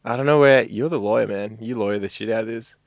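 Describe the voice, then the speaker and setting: A man's voice: fairly low pitch, fast, vocal fry, no room sound, dull audio. A man with an Australian accent co-hosting a radio show with dry, teasing banter. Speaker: radio co-host. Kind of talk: casual radio chat.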